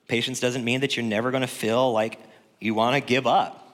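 A man preaching as a pastor, conversational and joking, swinging from loud to hushed. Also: medium pitch. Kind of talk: sermon. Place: church sanctuary. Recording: long reverb in a church hall.

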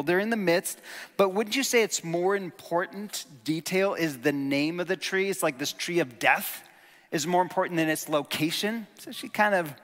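A pastor delivers a sermon in a conversational, teaching style, with a voice that is a little high and a bit bright. He adds enthusiastic asides, and the recording carries the reverberation of a hall.

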